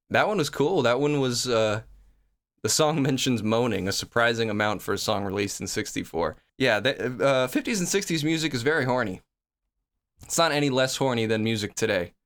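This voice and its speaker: A man's voice: medium pitch, a bit bright, smooth. A man hosting a music reaction video, talking casually and enthusiastically, thinking aloud with many restarts. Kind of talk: casual rambling reaction talk.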